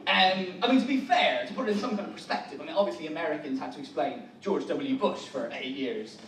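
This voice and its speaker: A high-voiced Irish man performs a stand-up set in a conference hall, breaking off with wry asides and restarts. The sound is roomy and echoey, picked up from some distance, with a clear hum of background noise. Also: expressive. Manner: wry, self-interrupting, quick asides. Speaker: stand-up comedian. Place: conference hall with a live audience.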